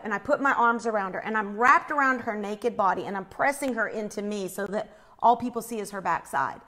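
A woman telling a personal faith story in an animated way, acting out the screams she describes. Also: high-pitched, moderate pace.

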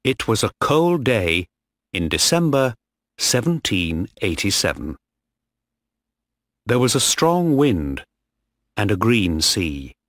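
Male narrator, slow learner-level audiobook reading, lively pitch. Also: dry recording, clean studio sound. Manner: very slow, clearly phrased, lively intonation. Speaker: storyteller.

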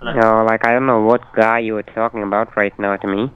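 A man's voice: fairly low pitch, little pitch movement, brisk, clear, resonant tone. A man on a scam call, giving insistent, repetitive instructions. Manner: insistent, repetitive, formulaic phrasing. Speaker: scam caller. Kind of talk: phone call. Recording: muffled dry phone line.

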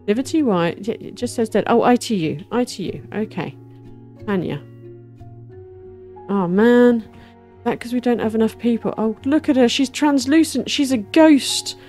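A woman's voice: fairly high pitch, a little mellow. A woman giving casual let's-play commentary, chatting to herself and to the game's characters and laughing now and then. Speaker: gaming channel host.

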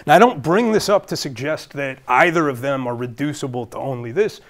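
A man's voice: medium pitch, a little fast. A man with a Brooklyn accent giving a public lecture as a guest speaker, earnest and thinking aloud with fillers and restarts.

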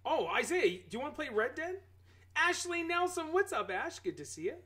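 A man hosting a live game stream who talks straight to his chat. He rants in an animated, exclaiming way, and his pitch swings widely up and down. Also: quick pace, rough recording.

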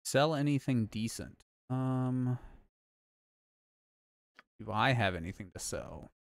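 A young man streaming a video game from home, chatting casually with a relaxed, sweary manner and lots of fillers. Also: medium pitch, slow pace, vocal fry, dry recording, studio quality. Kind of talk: casual gameplay chat.

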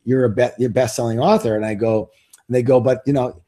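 A man's voice: medium pitch, fairly even intonation, quick pace, mellow. A middle-aged man telling stories as an interview guest in a casual, self-assured way, with emphatic repeats. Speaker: interview guest, author and seminar leader.

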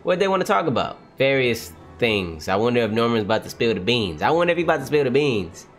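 Excitable man reacting to manga live. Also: mid-range voice, quick pace. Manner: animated, reads panels aloud, exclaims and laughs often.

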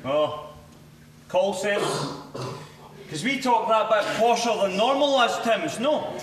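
Scottish guy, blunt and sweary, high lively voice, echoey and far away. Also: slow, pauses often, over a noisy crowd. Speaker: call centre worker. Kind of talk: comedy sketch dialogue. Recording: roomy, distant, noisy.

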